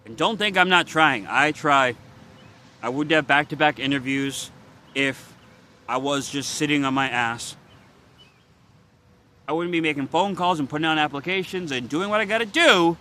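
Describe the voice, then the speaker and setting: A man's voice: a little high, normal speed, pauses often, pushed and bright, slight background noise. A young man venting in a confessional vlog, frustrated, weary and swearing bluntly as he talks. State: weary and worn out. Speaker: vlogger.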